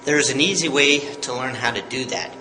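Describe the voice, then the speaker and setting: A man's voice: medium pitch, normal speed, sharp tone. A man giving a patient, upbeat yodeling tutorial, explaining each step plainly. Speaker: yodeling teacher. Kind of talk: tutorial video. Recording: echoey room with faint noise.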